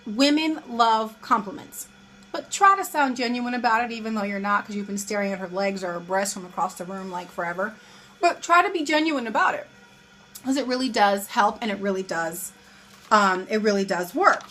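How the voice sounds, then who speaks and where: A young woman with a mid-range, fairly bright voice talks at a moderate pace while vlogging casual dating advice. She's chatty and acts out both sides of the pickup lines and conversations she describes.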